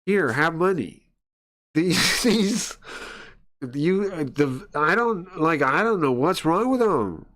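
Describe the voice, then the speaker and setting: A man's voice: a little high, big pitch swings, slow, fairly bright tone. A man streamer ranting live, heated and profane, with stumbling restarts and scoffing laughs. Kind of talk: profane livestream rant.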